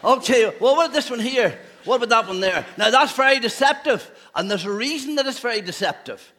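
A man's voice: very high voice, animated, a little fast, bright, forceful tone. A man, a pastor giving a playful children's talk in a church service, asking the children questions. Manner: playful, asks children questions, laughs often.

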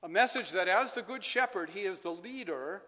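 A man preaches a sermon with a somewhat high voice. His delivery is measured, and he repeats key phrases softly for weight. The sound rings with the long reverb of a church hall. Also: expressive. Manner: measured, dropping to soft emphatic repetitions.

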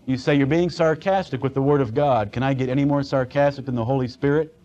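This man's expository Bible teaching blends straightforward scripture reading with sarcastic, conversational remarks as he preaches through a passage. His mid-range voice is mellow and fast, with fairly even intonation, heard on a dull lo-fi recording.

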